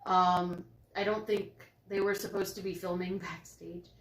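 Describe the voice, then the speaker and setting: The delivery is flat and the pace measured, heard in an echoey room. She's a woman co-hosting a live stream at home, chatting casually and telling bubbly stories, voicing herself and others with big pitch jumps.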